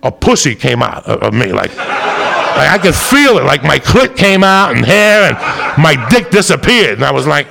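A man's voice: on the high side, sing-song, normal speed, noisy background. A man doing stand-up, telling a story in a rowdy, boisterous, profane way. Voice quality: gravelly. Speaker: stand-up comedian.

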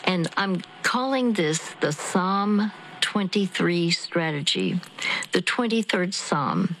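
A woman counseling a caller on a call-in radio show, guiding slowly and gently. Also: on the low side, sing-song, slight background noise, poor audio.

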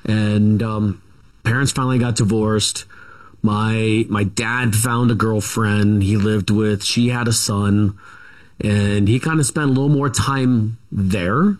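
A man's voice: on the low side, fairly even intonation, unhurried. Rambling middle-aged man telling family stories. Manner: rambling, many fillers and restarts. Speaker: guest author. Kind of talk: casual interview storytelling.

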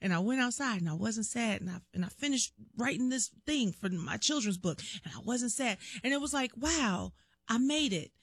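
A woman's voice: fairly high pitch, animated, fairly quick, hardly any pauses, breathy edge, no room sound, studio quality. A woman guest chatting in an interview, telling stories animatedly, acting out quotes and laughing often. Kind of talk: casual interview chat.

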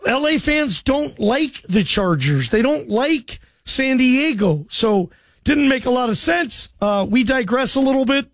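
Sports radio host, man, high-pitched and dry-miked, loose and chummy with callers. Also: lively intonation, unhurried, no echo. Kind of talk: call-in sports radio talk.

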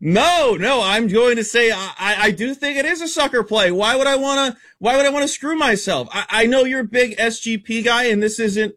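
A man working as a sports betting analyst, rattling off baseball stats quickly and bluntly on a radio show. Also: very high voice, sharp tone. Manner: rapid stat-heavy, emphatic and blunt.

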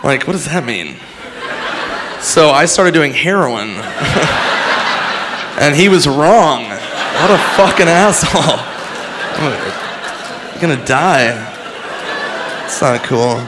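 A man doing a stand-up routine in a laid-back, deadpan way. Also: on the high side, slow pace, long pauses. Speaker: stand-up comedian. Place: comedy stage before a live audience. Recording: live stage mic with crowd laughter and room noise.

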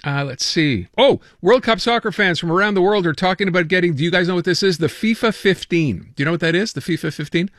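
Joking radio host man, bright voice. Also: sits high, fast talker, few pauses, dry recording. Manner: chatty, joking, stumbles over words. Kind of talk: casual talk radio banter.

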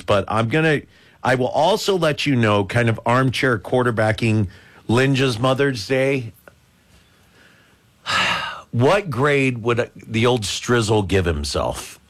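Animated male radio host. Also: mid-range voice. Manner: animated, joking, self-mocking dad humor. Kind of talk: talk radio banter.

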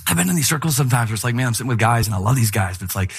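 A male pastor giving a conversational sermon in an animated, candid way, with humorous asides. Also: medium pitch, racing, slightly rough.

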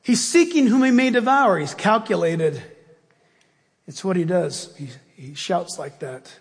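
Animated preacher with a high voice. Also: male voice, unhurried, slightly rough, long reverb tail. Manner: animated storytelling with acted-out voices. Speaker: pastor. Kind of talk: sermon.

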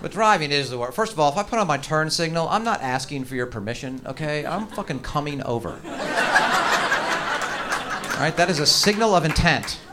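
A man's voice: fairly high pitch, lively intonation, brisk, very noisy. A middle-aged man doing profane, ranting, self-mocking stand-up comedy in a live club set. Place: comedy stage.

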